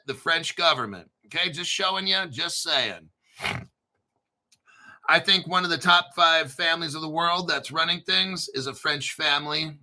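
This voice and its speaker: A man hosting a casual crypto show, rambling, clearing his throat often and swearing offhandedly. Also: fairly high pitch, pushed and bright. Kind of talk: casual commentary to camera.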